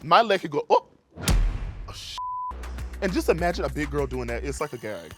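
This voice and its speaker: Man, sassy drag queen, sing-song swoops, slightly high voice, faint music behind. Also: very animated, fairly quick. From South Carolina. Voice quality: big announcer voice. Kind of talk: confessional interview.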